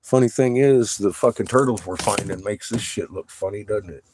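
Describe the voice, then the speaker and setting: A middle-aged man rambling excitedly and profanely in a casual monologue, showing off rocks from inside an RV. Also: on the low side, normal speed, background noise.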